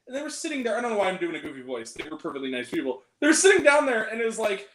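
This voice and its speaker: A man's voice: very high voice, sing-song, rapid-fire, few pauses, fairly bright tone. A young man co-hosting a casual live movie chat, laughing often and slipping into goofy voices when he quotes people. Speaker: movie review co-host. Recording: echoey room.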